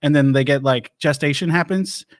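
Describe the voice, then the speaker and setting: A man playing a rambling, divorced doomsday-prep lecturer who hosts an improvised comedy show, talking in halting, deadpan stops and starts. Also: a little high, dry recording, studio quality, natural voice.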